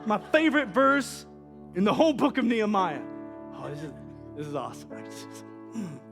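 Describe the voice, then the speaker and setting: A man preaches with urgent, repetitive exhortation, driving each line home. His voice sits high for a man, and soft music plays faintly underneath. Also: sing-song, moderate pace, vocal fry. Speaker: pastor. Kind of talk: sermon.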